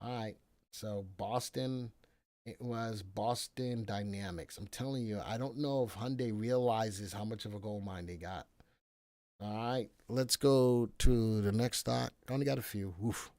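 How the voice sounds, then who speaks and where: A man hosting a live stock analysis stream, animated, thinking aloud and repeating his own phrases. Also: fairly low pitch, a little slow, dry recording. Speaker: stock market show host.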